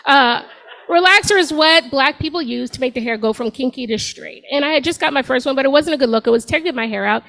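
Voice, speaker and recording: High-voiced sassy woman doing stand-up. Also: quick pace, creaky, a bit bright, poor audio. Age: 40s. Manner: sassy, conversational, addresses the crowd. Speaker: stand-up comedian. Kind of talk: stand-up set. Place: comedy club stage.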